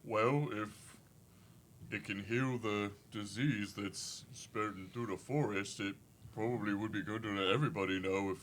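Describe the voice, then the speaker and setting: A man playing a tabletop game, reasoning through options in a measured in-character party discussion. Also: fairly low pitch, fairly even intonation, slight background noise.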